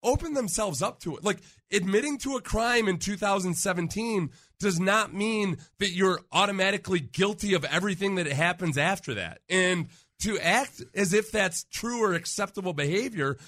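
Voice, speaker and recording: A male sports radio co-host with a slightly raised pitch and a bright, ringing tone. He talks in a casual, emphatic way and hammers his opinions home with repetition. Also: normal speed, few pauses. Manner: emphatic, animated, repeats himself for stress.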